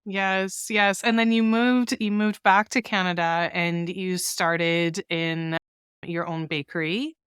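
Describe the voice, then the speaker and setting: A woman's voice: lowish voice, steady tone, slow, fairly bright tone, smooth, dry recording, clean studio sound. A woman hosting a casual interview, giving encouraging replies and asking follow-up questions. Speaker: podcast host.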